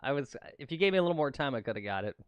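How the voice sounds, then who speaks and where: A man's voice: medium pitch, sing-song, very fast, clear, resonant tone, no echo, highs cut off. A man co-hosting a golf livestream outdoors on the course, chatting casually and laughing often.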